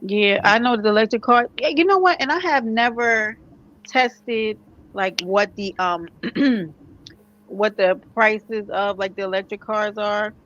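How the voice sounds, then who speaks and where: A woman from New York chatting casually as a vlogger, animated, with quick asides and laughs. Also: medium pitch, highs cut off. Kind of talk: casual chat.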